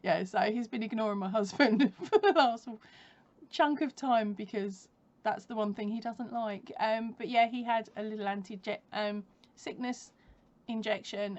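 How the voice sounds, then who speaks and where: A woman with a mid-range, slightly mellow voice chats casually at home for her crochet vlog. She rambles, laughs often and corrects herself along the way, all captured in lo-fi sound.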